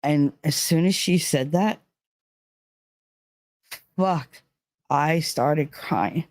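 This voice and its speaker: Slow-talking candid woman, dry close mic. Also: sits low, a little mellow, no echo. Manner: rambling and candid, heavy on "like" fillers, swears. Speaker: channel host. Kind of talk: casual monologue retelling a dream.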